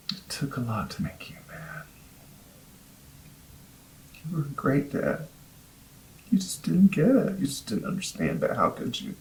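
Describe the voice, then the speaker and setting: A man delivering a slow, heartfelt spoken monologue. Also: medium pitch, wildly swooping pitch, darkish tone.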